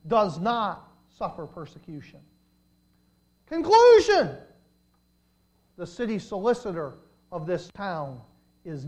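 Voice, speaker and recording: A man preaching a sermon, telling a story with dramatic swings from loud to hushed. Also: sits high.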